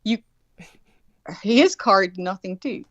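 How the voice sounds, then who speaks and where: In a dull, dry lo-fi recording, a woman in her forties spins a meandering, foul-mouthed anecdote, voicing everyone's lines with animation. Her medium-pitched voice takes things slowly.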